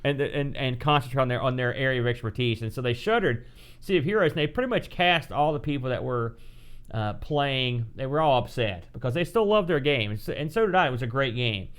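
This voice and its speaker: A man's voice: mid-range voice, animated, a little fast, fairly bright tone, clear, resonant tone. A middle-aged man co-hosting a casual retro gaming chat, rambling and correcting himself as he talks. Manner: rambling, self-correcting, chatty. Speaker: podcast co-host.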